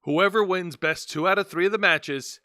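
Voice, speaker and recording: A man hosting a wrestling podcast speaks in a bright, somewhat high voice, recorded close and dry. He explains events casually, tripping over words and restarting sentences. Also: normal speed, no echo. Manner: explanatory, stumbling restarts, laughing at partner. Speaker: podcast host. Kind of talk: casual wrestling review chat.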